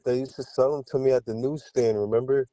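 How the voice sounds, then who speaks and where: A man's voice: mid-range voice, steady tone, quick pace, mellow, low-quality recording. A man in his thirties co-hosting a podcast, chatting in a casual, laid-back way. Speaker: podcast co-host. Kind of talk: casual chat.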